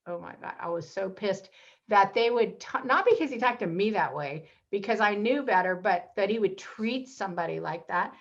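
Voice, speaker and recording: A woman guest in a casual interview, telling personal stories in an animated way and acting out the voices of people she quotes. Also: medium pitch, normal speed, lo-fi sound.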